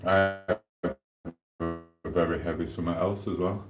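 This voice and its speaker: Livestream host, man, very low voice, rambling cheeky banter, eats on mic in a roomy kitchen. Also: steady tone, moderate pace, long pauses, faint music behind. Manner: rambling, cheeky and flirty, eating while talking. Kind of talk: casual live-stream chat. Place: home kitchen.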